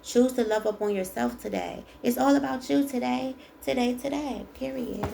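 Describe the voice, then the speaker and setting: A woman's voice: on the high side, normal speed, vocal fry, noisy background. A woman doing a casual spiritual tarot card reading, chatty and emphatic, reading card texts aloud and repeating the key lines. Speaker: tarot reader.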